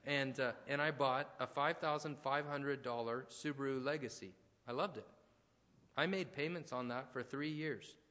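A man preaching in a relaxed, conversational way, slipping into personal stories and asides. His voice sits at an ordinary middle pitch. A long reverb trails each phrase, as in a church hall. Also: moderate pace. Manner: conversational, storytelling, with restarts and asides. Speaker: pastor. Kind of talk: sermon.

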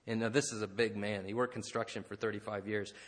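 A man's voice: lowish voice, level tone, quick pace, big-room sound. A man preaching a sermon, telling stories in a conversational way with frequent asides. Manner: conversational, many asides and "right?" tags. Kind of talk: sermon with storytelling.

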